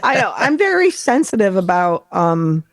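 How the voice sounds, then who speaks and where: A woman from western New York hosting a podcast in casual chat, animated and slipping into voices as she tells stories. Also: medium pitch, moderate pace, no echo, clean studio sound. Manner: animated, slips into voices when telling stories. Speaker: podcast host.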